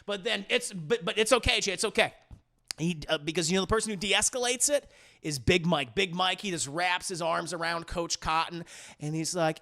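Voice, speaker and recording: A young man rambles through a movie review for his live chat, swearing and piling up fillers. His voice sits high, with a gravelly rasp and a bright, sharp tone. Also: moderate pace. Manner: rambling and profane, full of fillers.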